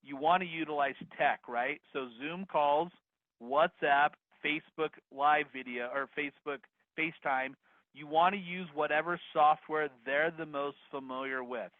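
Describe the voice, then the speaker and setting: A man teaching a live online real estate course, energetic and upbeat, talking straight to the attendees. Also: fairly high pitch, unhurried, no echo. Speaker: real estate investing instructor. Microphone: video call. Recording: dry phone-like video call audio.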